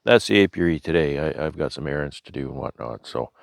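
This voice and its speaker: This beekeeping vlog host has a rumbling low voice with vocal fry and a Canadian accent, speaking expressively and fairly quickly. His casual show-and-tell narration rambles along with lots of fillers and restarts. The studio-quality sound has no echo.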